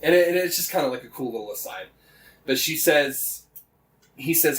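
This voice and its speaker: On a podcast, this co-host chats casually while retelling a story from a game, swearing often and filling it with fillers and false starts. His mid-range voice is a bit bright, moving at a moderate pace with frequent pauses. The mic is distant and the audio poor.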